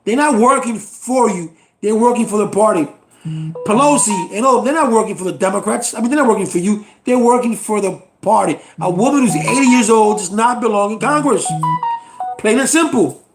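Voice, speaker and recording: A man's voice: sits high, expressive, normal speed, roomy sound, soft background music. A middle-aged American man, a channel host, delivering a blunt, exasperated political rant straight to camera and swearing freely. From United States.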